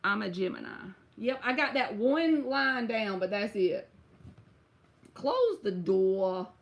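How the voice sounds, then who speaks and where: A woman reads tarot for viewers in a relaxed, talkative way. Her voice sits a bit high, and she drops in y'all and bruh as she goes. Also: unhurried, vocal fry. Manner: casual, chatty, uses y'all and bruh. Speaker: tarot reader. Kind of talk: live-stream tarot reading.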